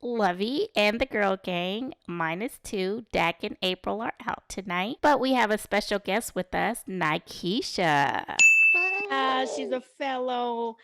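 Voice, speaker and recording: A woman's voice: medium pitch, animated, slow pace, a bit bright. A woman hosting a casual recap chat from home on a video call, playful and theatrical as she announces. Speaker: host.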